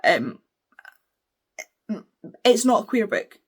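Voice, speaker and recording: A woman's voice: mid-range voice, takes it slowly, breathy edge. Ranting Scottish woman book vlogger. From Scotland. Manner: ranting, animated and exasperated. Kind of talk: casual chat.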